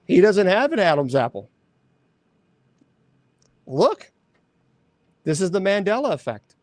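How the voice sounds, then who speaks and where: Male host, casual chat, rambling and animated, slightly high voice, dry close sound. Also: a little slow, dry recording. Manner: rambling, animated, self-correcting.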